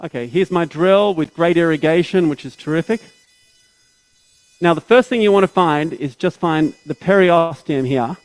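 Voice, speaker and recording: A man's voice: a little high, moderate pace, no echo, low-quality recording. A man, a surgeon, giving step-by-step teaching commentary during a live operation, often checking in with tag questions.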